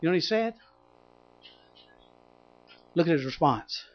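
A male preacher giving a dramatic sermon, swinging from loud exclamations to hushed asides. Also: fairly high pitch, lively intonation, measured pace. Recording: dull lo-fi recording.

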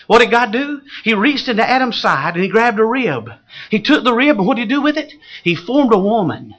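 A man's voice: high voice, very animated, fairly quick, fairly bright tone, highs cut off. A man preaching a sermon as pastor. He questions the congregation and builds to fervent exclamations.

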